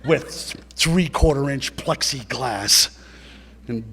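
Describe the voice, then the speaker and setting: A man's voice: mid-range voice, takes it slowly, fairly bright tone, slightly rough. A middle-aged man telling a blunt personal story at a recovery meeting, swearing and talking straight to his listeners.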